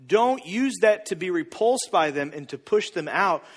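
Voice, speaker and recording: A man preaching a sermon as a pastor, casual and joking, acting out quotes with animated energy. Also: sits high, normal speed. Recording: long reverb in a hall.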